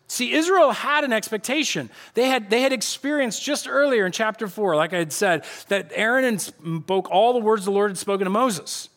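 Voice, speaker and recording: A middle-aged male pastor preaching a sermon on a church stage, telling the story with lively acted-out voices. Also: sits high, fairly quick, few pauses. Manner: animated storytelling, acting out voices of the people.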